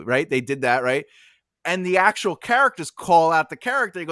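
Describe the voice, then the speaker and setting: A man hosting a podcast, telling stories in an animated way with lots of fillers and a joking tone. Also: fairly high pitch, brisk, clean tone, no echo, clean studio sound. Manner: animated storyteller, many fillers and restarts, jokey. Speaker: podcast host. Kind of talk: casual podcast conversation.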